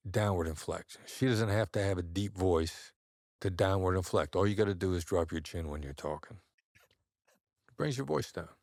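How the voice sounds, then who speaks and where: A man as a guest on an interview podcast, telling measured anecdotes and acting out the voices he quotes. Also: low-pitched, darkish tone, no room sound, clean studio sound. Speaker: guest, negotiation expert.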